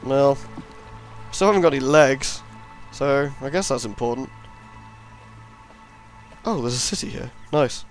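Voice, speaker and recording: Brief: male gamer, sarcastic and rambling, animated delivery. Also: mid-range voice, measured pace, pauses often, soft background music. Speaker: let's play host. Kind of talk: gameplay commentary.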